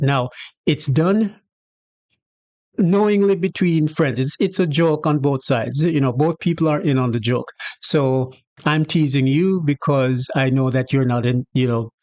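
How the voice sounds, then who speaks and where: A man's voice: medium pitch, a little slow, dry recording. Jamaican man explaining patois, chatty. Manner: relaxed, chatty, acts out little scenarios with quoted voices. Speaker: channel host teaching patois. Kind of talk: casual explanatory lesson to camera.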